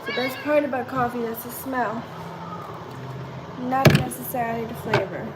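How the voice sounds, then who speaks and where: A woman with a German accent hosting a casual livestream at home, chatting with viewers, answering the chat and filling pauses with "um.". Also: a little high, steady tone, heavy background noise. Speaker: livestream host.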